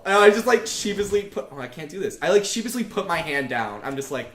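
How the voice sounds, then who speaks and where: Young male host, high-pitched, rambling storyteller, echoey room with music. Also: expressive, fast, few pauses, a bit bright. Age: young adult. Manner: rambling storyteller, full of fillers. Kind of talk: casual gaming chat.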